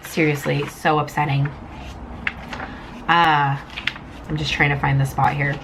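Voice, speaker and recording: Young female vlogger, emotional and rambling, on the verge of tears; lowish voice, faint background noise. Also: little pitch movement, measured pace. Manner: emotional, rambling, tearful at times. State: close to tears. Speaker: comic book reviewer. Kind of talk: casual vlog review.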